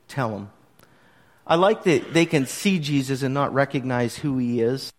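A man preaching a sermon, retelling scripture in an animated way that swings from hushed to emphatic. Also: medium pitch, big-room sound. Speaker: pastor.

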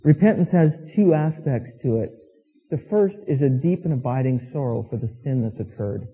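Husky pastor preaching in a tinny hall. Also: male voice, mid-range voice, animated, normal speed. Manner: storytelling with quoted voices, emphatic. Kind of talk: sermon. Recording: tinny phone-like sound with long reverb.

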